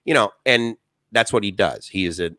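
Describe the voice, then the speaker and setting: A talkative man chats enthusiastically on a live stream and tells animated stories. His voice is low but bright and forceful, and the recording is dry and close. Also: normal speed, dry recording. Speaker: co-host. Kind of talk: casual live-stream chat.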